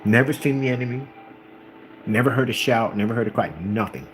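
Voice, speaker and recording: A man's voice: medium pitch, fairly quick, slight background noise, rough recording. Preachy man telling Bible stories. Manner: preachy, emphatic, acts out the characters in the stories. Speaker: channel host. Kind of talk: informal religious talk.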